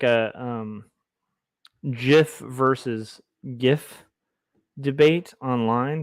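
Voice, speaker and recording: His mid-range voice sounds clear and resonant in a dry recording as he streams himself drawing comics. Casual and self-deprecating, he rambles goofily, reads the chat aloud, and tries silly voices.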